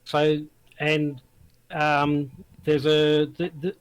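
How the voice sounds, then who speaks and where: A man's voice: fairly high pitch, flat delivery, extremely slow, clear, resonant tone, no echo, muffled recording. An Australian man chatting as a guest, plainspoken, with hesitant starts. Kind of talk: casual chat.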